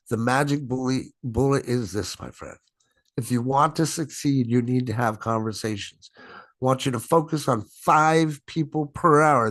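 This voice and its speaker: A man's voice: mid-range voice, no echo. A middle-aged man presenting a sales webinar as a coach, stressing and stretching his words and often asking "right?". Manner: emphatic, repeats "right?" and "my friends". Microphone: video call.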